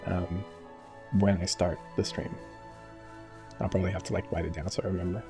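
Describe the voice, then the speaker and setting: A man streaming a game live, talking casually in a rambling, halting way. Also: low-pitched, flat delivery, music in the background. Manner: rambling, halting, many restarts.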